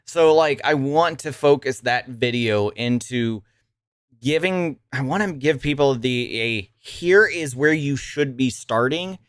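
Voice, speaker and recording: A man's voice: medium pitch, unhurried, clean tone, no room sound, studio quality. A young man streaming live, chatting casually to his viewers, rambling and swearing freely with frequent laughs and restarts. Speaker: livestreamer.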